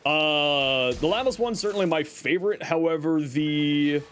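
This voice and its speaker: A man on a live game stream, reading out viewer questions and explaining how things work. His voice sits a bit higher than most men's, and he hedges often, filling pauses with "uh" and admitting when his memory is unsure. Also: fairly bright tone, slight background noise. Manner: reads and answers chat questions, explaining game steps with frequent "uh" fillers; hedging, unsure of old details. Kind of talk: live-stream chat while gaming.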